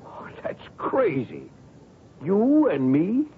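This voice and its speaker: A man's voice: high voice, huge pitch swings, slow pace, slightly rough, exaggerated voice. An actor playing a domineering father who pushes his daughter into tennis, in 1970s radio drama style. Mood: argumentative. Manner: insistent, brushes off objections. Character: pushy tennis-obsessed father, domineering and stubborn. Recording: tinny lo-fi 1970s radio broadcast.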